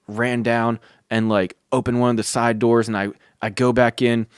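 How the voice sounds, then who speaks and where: A young male podcast host spins a long, rambling casual story, swearing often and constantly saying "dude" and "like." His medium-pitched voice is clean and studio quality, captured on a close studio mic with no room sound.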